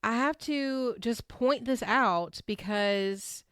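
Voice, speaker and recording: A woman's voice: a little high, slow, clear, resonant tone, no room sound, clean studio sound. A woman hosting a podcast recap, chatting casually, laughing often and acting out quotes. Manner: animated, laughs often, acts out quotes in shifted voices. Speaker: podcast host recapping a reality show. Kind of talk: casual chat.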